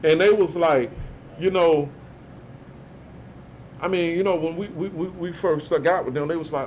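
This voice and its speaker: A man from Birmingham, Alabama, tells a story as a podcast guest, animated, casual and profane, often acting out what others said. His voice is a little high, at a measured pace with long pauses, and there's a slight hiss or hum.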